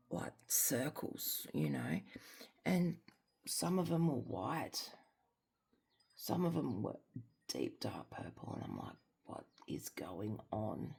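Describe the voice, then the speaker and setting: An Australian woman vlogs while she crafts, talking in a candid, rambling way. Her voice is low and very gravelly, with plenty of rise and fall. She speaks slowly and often drops to a soft near-whisper. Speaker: crafting vlogger. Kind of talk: casual chat while crafting.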